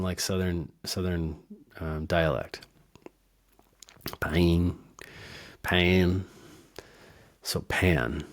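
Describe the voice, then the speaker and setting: Male podcast host, very low voice, loose and playful, chuckles at his own puns. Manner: rambling, playful, laughs at own wordplay. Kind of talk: casual educational monologue.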